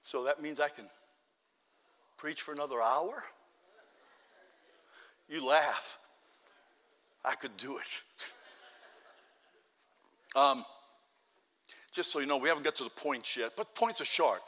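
High-voiced fervent preacher man, reverberant church. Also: slow pace, pauses often. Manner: fervent, builds to loud exhortation, calls for amens. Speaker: pastor. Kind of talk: sermon.

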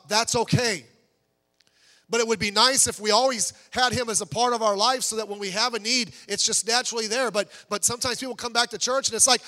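A man preaching a sermon as pastor, swinging from soft low asides to raised, pleading urgency. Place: church sanctuary. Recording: church hall reverb.

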